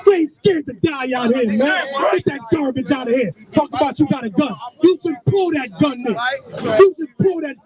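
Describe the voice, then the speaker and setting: A man shouts a confrontational street sermon in a high, strained voice, repeating his lines aggressively. He is caught from a distance on a muffled recording. A crowd murmurs loudly around him. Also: animated, moderate pace. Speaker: street preacher.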